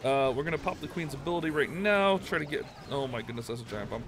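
A man giving rambling, self-mocking commentary on his own gameplay for a video, with excited outbursts. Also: a little high, fast, background noise. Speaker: gaming YouTuber.

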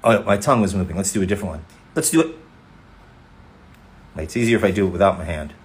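A man's voice: low-pitched, fast. Playful, rambling man at a live signing. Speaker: voice actor signing autographs on a livestream. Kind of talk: casual chat.

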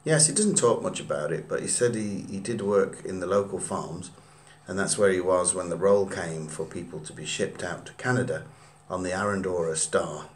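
A man reading the lines of a London man of Italian family, quickly and plainly from a script. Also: deep voice, a little hiss or hum, voice pushed down, lightly acted.

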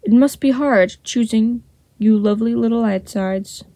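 A woman voicing a sly, snake-like male deceiver in a storybook reading, with a smooth, honeyed manner. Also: a little high, unhurried, mellow, no echo. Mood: taunting. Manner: purring and mocking.

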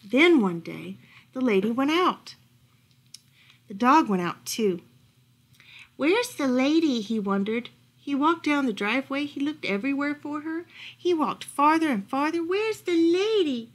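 A woman librarian reading a picture book aloud as a bedtime story, gentle and expressive. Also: high voice, normal speed. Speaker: children's librarian.

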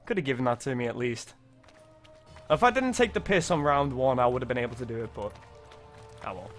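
A young man, giving excitable, sweary gameplay commentary, yelping when startled. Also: medium pitch, fairly quick, faint music behind. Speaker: gaming video creator.

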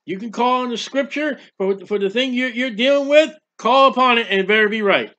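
A man's voice: very high-pitched, brisk, bright, forceful tone, lo-fi sound. A man preaching a sermon, fervent and repetitive, with rhetorical questions and acted-out prayers.

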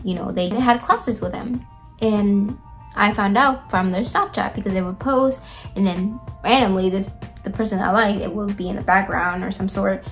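A young woman telling a rambling, chatty story about her school days while doing her makeup, full of fillers, recorded close on a phone indoors. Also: mid-range voice. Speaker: vlogger.

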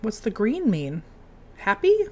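A young woman giving casual commentary while playing a game, chatty and given to sudden excited outbursts. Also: medium pitch, measured pace. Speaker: game streamer.

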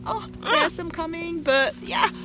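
A woman's voice: sits high, moderate pace. A woman with a German accent vlogging outdoors in a windy park, bubbly and giggly, calling out to her parrot. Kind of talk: outdoor vlog chat.

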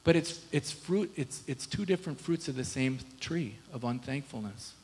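A man's voice: mid-range voice, animated, moderate pace, a little mellow, long reverb tail, slight background noise, poor audio. A male pastor preaching a sermon in a casual, conversational way, often asking the congregation rhetorical questions. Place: church sanctuary.

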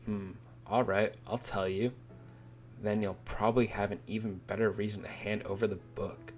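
A man reading aloud the lines of a cold, composed woman visitor from a manga, in nearly his own low voice. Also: little pitch movement, normal speed, soft background music, close to an everyday voice. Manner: read aloud from a manga, barely acted.

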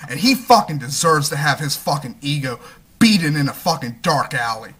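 A young man ranting angrily into his camera, swearing constantly and talking fast, with a husky voice. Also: fairly high pitch, lively intonation, bright, forceful tone. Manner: heavy swearing, fast angry talk. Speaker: vlogger. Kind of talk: angry rant.

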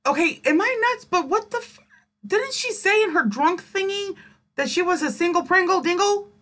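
A woman's voice: very high voice, animated, normal speed, fairly bright tone, a little hiss or hum. A woman giving sarcastic, incredulous reaction commentary on a video.

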